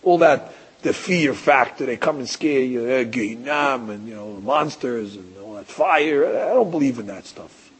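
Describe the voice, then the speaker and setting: A man's voice: mid-range voice, animated, normal speed, breathy edge, poor audio. A man, a rabbi giving a religious lecture, talking emphatically and rhetorically, stammering into restarts and acting out other people's voices. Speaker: rabbi teaching a class.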